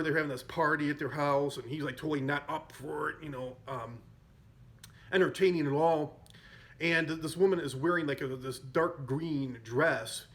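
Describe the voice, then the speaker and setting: Podcast guy rambling thru a movie plot, lots of um and like, kinda high voice. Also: a bit bright. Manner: rambling with many fillers and self-corrections. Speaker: podcast host. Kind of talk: casual chat retelling a movie.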